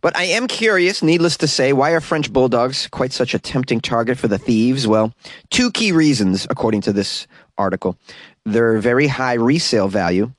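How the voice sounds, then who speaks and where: A man's voice: mid-range voice, lively intonation, normal speed, no room sound. A man hosting a talk radio show, ranting in an exasperated, incredulous and jokey way, taking calls from a studio. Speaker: radio host. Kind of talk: solo talk radio rant.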